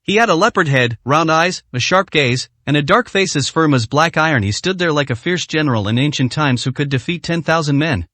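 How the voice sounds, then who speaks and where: A man narrating a translated web novel with an even, steady reading manner. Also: on the high side, brisk, few pauses, dry recording. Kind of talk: scripted story narration.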